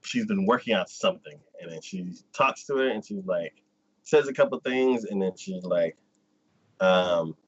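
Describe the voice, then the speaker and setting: Rambling male co-host, lively up-and-down voice, dull lo-fi audio. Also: deep voice, moderate pace, husky. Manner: rambling plot recap full of "like" and "um". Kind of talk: casual chat.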